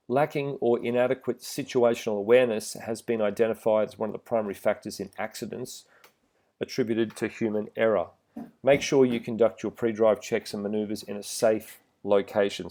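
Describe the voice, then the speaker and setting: A middle-aged man giving a relaxed, plain-spoken instructional talk to trainee driving instructors, with some fillers. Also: lowish voice. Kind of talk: instructional voice-over with slides.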